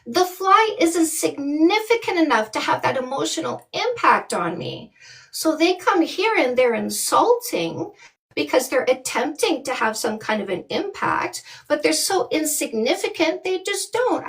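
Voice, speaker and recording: With a very animated, high voice at a measured pace, a woman from Canada who works as a dating coach delivers a livestream rant. She scolds bluntly, mocks, swears and fires off rhetorical questions.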